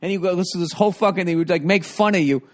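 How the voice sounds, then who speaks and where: A man's voice: sits high, very fast. A man hosting a podcast, telling stories in a casual comedic monologue, with profane, rambling delivery. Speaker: podcast host.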